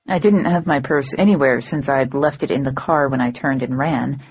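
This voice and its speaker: Woman reading an audiobook, dry wry tone, husky mellow voice, kinda muffled. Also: rumbling low, moderate pace, few pauses. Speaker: audiobook narrator. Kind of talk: first-person audiobook narration.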